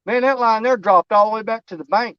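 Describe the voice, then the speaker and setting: A man's voice: high voice, a little fast, smooth, no echo. A man, chatting in a folksy, rambling way about fishing on a video call from a riverbank. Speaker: outdoors channel host. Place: outdoors at a riverbank at dusk. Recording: muffled, dry video-call audio.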